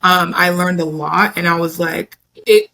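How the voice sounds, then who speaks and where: A young woman in a casual interview, talking about her experiences in a chatty, animated way, acting out quotes as she goes. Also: on the low side, unhurried. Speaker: interview guest, Olympic hammer thrower.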